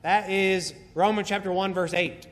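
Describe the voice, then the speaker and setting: A man preaching a sermon, slowly and emphatically explaining a Bible passage and repeating key phrases. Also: sits high, fairly even intonation, fairly bright tone. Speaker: pastor. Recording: hall reverb.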